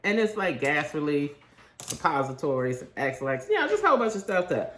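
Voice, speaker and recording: A woman's voice: low-pitched, brisk, slight background noise. A woman, telling a story in a casual vlog rant and acting out what people said. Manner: animated, acts out quotes in shifting voices. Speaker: vlogger.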